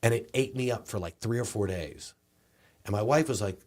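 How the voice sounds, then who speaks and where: A male comedian with a Southern accent telling a story casually, with lively halting restarts. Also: fairly low pitch. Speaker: comedian and guest.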